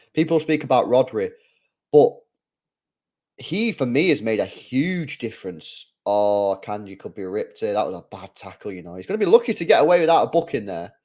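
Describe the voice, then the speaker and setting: A young man hosting a live football watchalong, chatting casually with viewers in slang and rambling with restarts. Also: medium pitch. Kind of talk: casual live match commentary.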